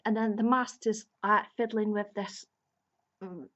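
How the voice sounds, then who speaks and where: A woman with a medium-pitched, sharp-toned voice speaks at a measured pace with fairly even intonation. As a video reviewer, she casually retells a plot, rambling with many restarts and fillers, sounding amused and laughing now and then between lines. The recording is lo-fi and slightly dull.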